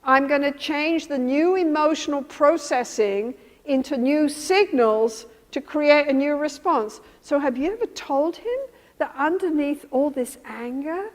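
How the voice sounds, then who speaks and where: A woman with a high voice teaches a workshop as a therapist. She acts out both partners' lines with animation as she explains. Her voice rings with the long reverb of a large lecture hall. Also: measured pace. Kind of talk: teaching lecture with re-enacted session dialogue.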